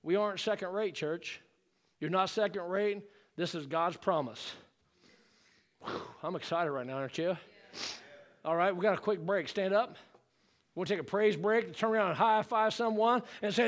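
A male pastor preaching a fervent sermon to his church. He calls for congregational responses and rises into shouted exclamations. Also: high voice, moderate pace, long pauses, a faint crowd. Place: church sanctuary.

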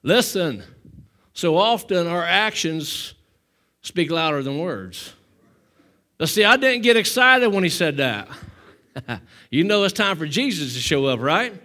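Bright, high-voiced preacher man. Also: sing-song, measured pace, pauses often. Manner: emphatic preaching, calls for amens and praise; storytelling with swings from loud to hushed. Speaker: pastor. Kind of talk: sermon. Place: church.

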